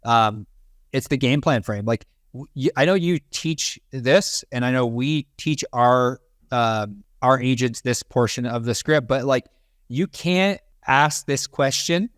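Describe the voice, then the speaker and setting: A man's voice: medium pitch, unhurried, fairly bright tone, dry recording, studio quality. A man hosting a real estate podcast, talking loosely with many fillers and restarts. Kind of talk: casual coaching chat.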